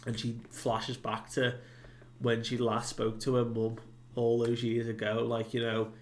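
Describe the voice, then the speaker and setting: A man's voice: medium pitch, monotone, a little slow. A man giving a casual recap of a comic chapter, retelling it loosely with many fillers and asides. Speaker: manga reviewer.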